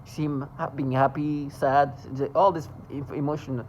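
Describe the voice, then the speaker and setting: A vlogger talking straight to camera in a raw, agitated monologue, with middle-pitched speech. The talk swings between loud outbursts and low mutters, full of swearing. Faint noise sits underneath. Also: fairly even intonation, normal speed, muffled recording.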